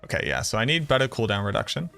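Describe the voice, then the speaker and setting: A man's voice: lowish voice, sing-song, rapid-fire, vocal fry, bright, forceful tone, faint music behind. A man from the Boston area streaming a game, thinking aloud and chatting with viewers as he plays. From Boston area, USA. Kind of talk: live-stream gameplay commentary.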